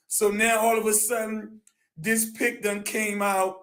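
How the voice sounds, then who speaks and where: Slow-drawling high-voiced man. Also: little pitch movement. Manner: drawling, repeats himself. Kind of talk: casual reaction commentary.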